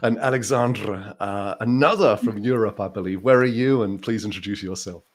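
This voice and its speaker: A man's voice: on the low side, normal speed. Upbeat British man hosting a live panel. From United Kingdom. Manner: upbeat and chatty, laughs often. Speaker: host.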